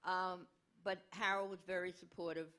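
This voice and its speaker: A woman's voice: lowish voice, level tone, normal speed, a bit bright. A woman in her eighties speaking frankly and wryly as a panel guest. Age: 80s. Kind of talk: reflective panel talk.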